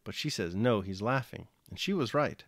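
A timid, soft-spoken young countess, read by a man with a low, dry voice. She talks gently and anxiously, like a worried wife in a storybook. The sound is close and without room echo. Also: animated, moderate pace. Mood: fond.

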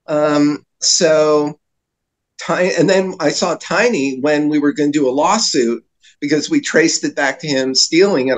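Guy telling wild stories on a podcast, kinda high voice, does little voices for people. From New Jersey. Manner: animated anecdotes, slips into voices for other people. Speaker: guest. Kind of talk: casual storytelling.

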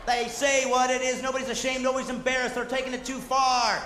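A man doing a high-energy stand-up comedy set, shouting and working the crowd. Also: flat delivery, fast. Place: large hall with a live audience. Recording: echoey hall, loud crowd and noise.

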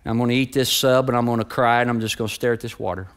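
A middle-aged man preaches a sermon as a pastor, opening with a quiet, subdued personal story before building into loud, rising preaching. His mid-range voice is clean and steady, and he talks fast.

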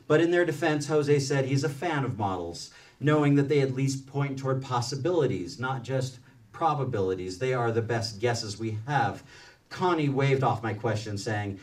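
A man reads from his book to a library audience, easing into loose, rambling asides full of "uh" and restarts. His voice sounds set back from the microphone, with a mid-range pitch. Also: animated, normal speed, recorded from a distance. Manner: reads aloud, then speaks loosely with many fillers and restarts. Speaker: author reading from his book. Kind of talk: book reading mixed with casual storytelling. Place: public library event room.

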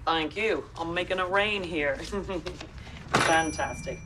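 An actress playing a joking Irish woman who works as an English tutor, talking in quick, self-mocking banter. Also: sits low, heavy background noise. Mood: wry. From Ireland. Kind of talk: comedy drama acting.

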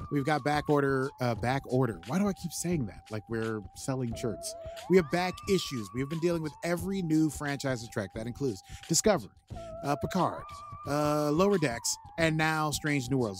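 A man co-hosting a casual podcast, talking in a loose, rambling way full of "uh"s and jokes at his own expense. His pitch moves around a lot as he talks, and he sounds a little sick. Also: expressive, normal speed. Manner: rambling, self-mocking, lots of fillers. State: sick with a cold. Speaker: podcast co-host.

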